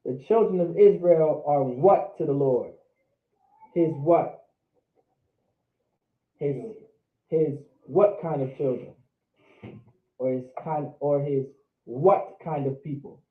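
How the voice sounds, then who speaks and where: A man giving a casual language lesson, repeating words slowly and talking informally to his class. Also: on the high side. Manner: drawn-out repetition of words, informal. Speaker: teacher. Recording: echoey, tinny phone-like audio.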